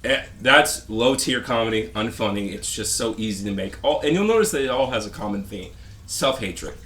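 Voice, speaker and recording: Lowish-voiced man ranting, halting and sarcastic. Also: lively intonation, sharp tone. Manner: halting, rambling rant with frequent restarts; sarcastic and dismissive. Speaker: vlogger. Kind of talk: rambling complaint vlog.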